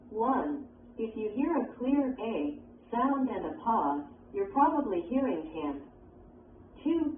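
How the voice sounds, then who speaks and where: A woman reading an English textbook lesson aloud in a measured, instructional way. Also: mid-range voice. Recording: tinny phone-like sound, distant, roomy, faint hiss.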